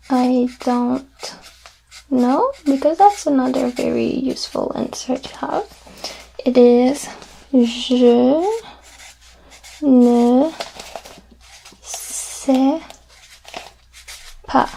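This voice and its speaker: A woman speaks in a soft, whispered role-play as a gentle teacher, taking her time and patiently repeating each phrase. Her voice sits a little high but mellow and dark in tone, with a gravelly fry running through it. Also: fairly even intonation, slow, long pauses, a little hiss or hum, rough recording.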